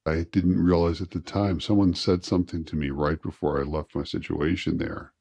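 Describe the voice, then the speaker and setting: A man speaking as an interview guest, reflective and halting, often restarting his sentences. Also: sits low, fairly even intonation, gravelly, darkish tone, no echo. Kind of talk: candid personal interview.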